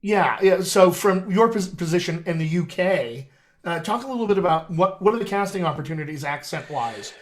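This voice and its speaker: A man's voice: sits high, lively intonation, a little fast. A man hosting a casual live-stream chat as a dialect coach, talking in a chatty, upbeat way with folksy asides.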